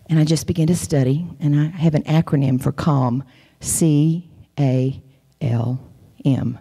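A woman's voice: a little fast, warm tone, slightly rough. Woman preaching with dramatic storytelling. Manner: dramatic storytelling, sudden drops to a whisper and jumps to high cries. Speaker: guest preacher. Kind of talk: sermon. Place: church.

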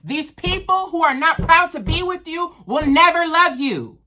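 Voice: extremely high pitch, animated, moderate pace, few pauses, bright, forceful tone. A vlogger ranting to camera in a heated, emphatic and profane way, blunt and full of slang. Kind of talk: impassioned rant to camera.

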